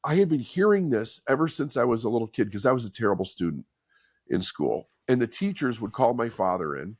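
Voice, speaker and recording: A middle-aged man talks candidly and earnestly as a podcast guest, recounting his own story. His voice sits in a mid pitch for a man. The recording is dry and close, with no room sound around it. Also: very animated, a little fast, no echo. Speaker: podcast guest, author and speaker. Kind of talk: personal storytelling in an interview.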